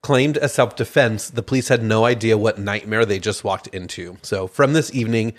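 A man's voice: on the low side, normal speed. Man reading a crime case on a podcast. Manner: reads case notes with stumbles over names. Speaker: podcast co-host. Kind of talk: casual chat and read-out case story.

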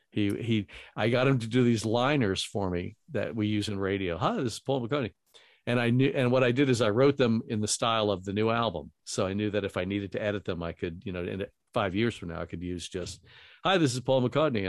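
A man's voice: on the low side, no room sound, clean studio sound. A middle-aged man, a radio host, telling rambling anecdotes full of quoted dialogue in a casual way. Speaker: radio host and voiceover talent. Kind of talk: casual storytelling.

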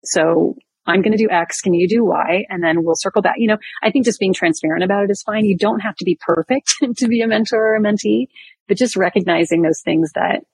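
A woman's voice: mid-range voice, brisk, creaky, husky, dry recording. A woman in her fifties from the American Midwest, a veterinarian speaking frankly and laughing easily as a podcast guest. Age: 50s. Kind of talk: casual podcast interview.

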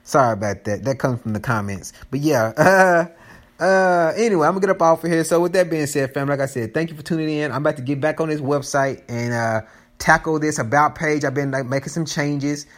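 A man's voice: on the high side, brisk. A man hosting his own podcast in casual chat, rambling and joking and often restarting his sentences. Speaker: podcast host.

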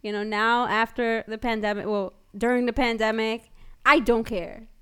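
A woman co-hosting a casual podcast, ranting bluntly and sounding exasperated, with frequent laughs. Her voice is high and bright, with a clear, crisp tone. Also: fairly even intonation, normal speed. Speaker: podcast co-host. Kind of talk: casual chat.

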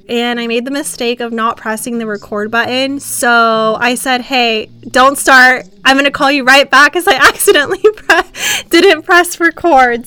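A young woman hosts a casual podcast in a bright, forceful voice that sits a touch high. She is chatty and bubbly, laughing easily between thoughts. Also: smooth. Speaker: podcast host.

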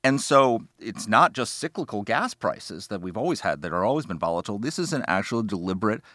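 Low voiced guy cohosting a podcast, punchy and sarcastic, dry sound. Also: big pitch swings, brisk, fairly bright tone, no room sound. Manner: combative, emphatic, sarcastic. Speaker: podcast co-host. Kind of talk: political podcast commentary.

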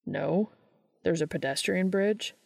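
A woman voicing a warm, joking male writer who speaks in quiet, breathy whispers. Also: on the low side, takes it slowly, no echo, full character voice. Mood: teasing.

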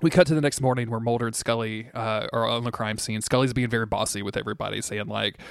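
A man's voice: lowish voice, fairly even intonation, fast talker, creaky, no room sound. A young adult man co-hosting a podcast, recapping a TV episode in rambling casual chat, laughing and swearing freely. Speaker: podcast co-host.

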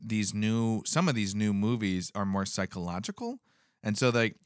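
A man's voice: fairly low pitch, very animated, moderate pace, clean tone, no room sound, clean studio sound. A male comedian chatting casually on a podcast, rambling with many fillers and swearing freely.

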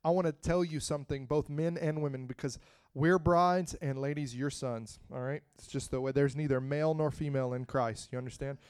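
A man preaching a sermon, moving from quiet, close talk to loud, rising preaching and calling out to the congregation. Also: mid-range voice, steady tone, fairly quick, smooth, dry recording. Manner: calls out to the congregation.

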